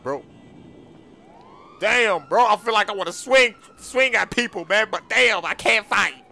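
A young man in excitable, slangy game role-play commentary with loud outbursts. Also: fairly high pitch, a little hiss or hum. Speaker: gaming YouTuber.

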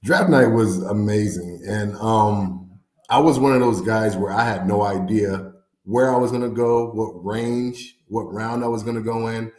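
A man from Indiana, a former football player, telling stories as an interview guest with animated, laughing delivery. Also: fairly low pitch, a little slow, reverberant. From Indiana, USA. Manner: animated storyteller, laughs often, acts out quotes. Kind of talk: casual interview storytelling.

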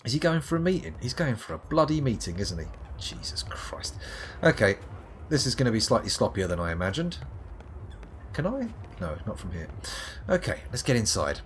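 Animated southern English man commentating a game. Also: mid-range voice, fairly quick, slight background noise. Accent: southern English, near London. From England. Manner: sardonic, swearing, muttering to himself. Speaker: streamer. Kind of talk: live gameplay commentary.

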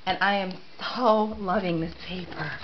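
A woman's voice: lowish voice, fairly even intonation, moderate pace, lo-fi sound, noisy background. Gushing woman showing craft supplies. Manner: gushing, enthusiastic about cute craft supplies. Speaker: craft haul vlogger. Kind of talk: casual show-and-tell.

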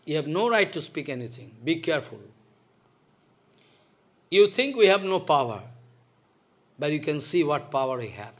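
A man's voice: a little high, sing-song, moderate pace, pauses often, fairly bright tone. A man, a spiritual teacher giving a devotional lecture in a stern, scolding manner, repeating his points. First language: Bengali.

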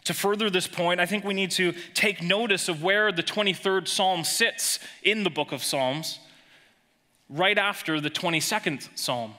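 A male pastor preaching a sermon with emphasis, dropping soft and slow when quoting verses. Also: sits high, long reverb tail. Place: church sanctuary.

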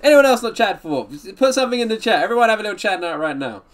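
A man's voice: high voice, sing-song, rapid-fire. A man live-streaming a reaction, chatting upbeat with his viewers and greeting them by name. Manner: upbeat, greets and answers viewers' chat often.

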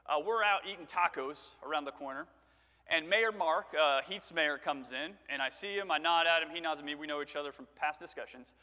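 A man's voice: on the high side, fairly quick, pushed and bright. A male preacher giving a conversational sermon, telling stories and asking rhetorical questions. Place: church sanctuary. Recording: reverberant church sanctuary.

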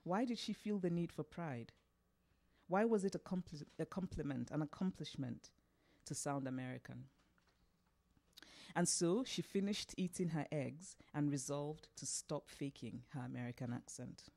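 A woman novelist reading her own fiction aloud, unhurried and expressive. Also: sits low, vocal fry. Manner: unhurried, expressive, laughs at slips.

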